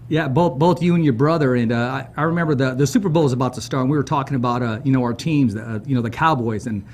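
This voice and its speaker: A man's voice: medium pitch, fast talker, a little mellow, slight background noise. A man hosting an interview show from a production studio, drawing out hype introductions and often repeating words. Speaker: podcast host. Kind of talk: energetic interview hosting with announcer flourishes.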